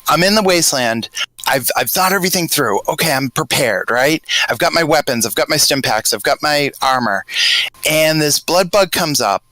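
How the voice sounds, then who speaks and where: A man with a Boston accent, talking through ideas in a loose, hesitant way on a casual podcast and getting animated as he builds a scenario. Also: on the high side, normal speed, dry recording, rough recording. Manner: rambling, hesitant, grows animated telling a scenario. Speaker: podcast panelist.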